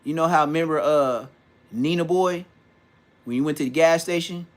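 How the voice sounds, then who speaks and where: Middle-aged man from California, a touch high-voiced, vlogging in animated street slang. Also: moderate pace. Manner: animated slangy storytelling, mimics old homies' voices. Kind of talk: casual storytelling rant.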